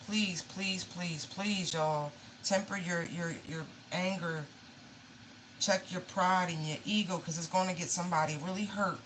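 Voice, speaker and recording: Woman, tarot reader, low voice, emotional, pleading, casual swearing, faint background noise. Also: steady tone, moderate pace, fairly bright tone, poor audio. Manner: swears casually, says y'all. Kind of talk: casual live tarot reading.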